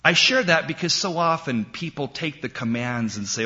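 A middle-aged man preaching a sermon in a church, emphatic and unhurried, with dramatic pauses. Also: on the high side, lively intonation, pushed and bright, dull audio. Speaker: pastor.

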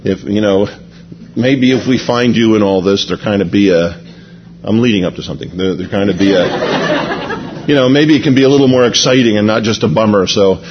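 A man's voice: lowish voice, a little fast, muffled recording, background noise. Rambling chatty male preacher. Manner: rambling, chatty, full of "you know" and restarts. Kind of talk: anecdotal sermon storytelling.

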